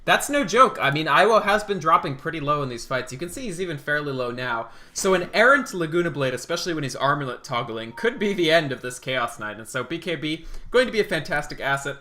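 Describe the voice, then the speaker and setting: A man casting an esports match play-by-play, calling the action with rising excitement on big plays. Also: on the high side, fairly quick, hardly any pauses. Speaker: play-by-play caster.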